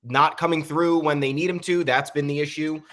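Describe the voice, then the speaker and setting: A man's voice: fairly high pitch, fairly even intonation, normal speed, a bit bright. A man co-hosting a casual sports podcast, opinionated and leaning on frequent "um" fillers. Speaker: podcast co-host.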